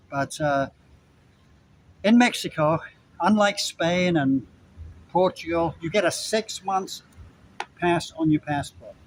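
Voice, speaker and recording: A man's voice: a little high, a little hiss or hum, rough recording. An older man, casually rambling to camera with chatty asides and repetitions. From Britain. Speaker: vlogger.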